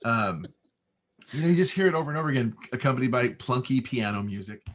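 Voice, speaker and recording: Relaxed guy-next-door American man. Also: mid-range voice, fast talker. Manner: relaxed, conversational, easy-going. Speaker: voice-over artist. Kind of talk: casual interview talk.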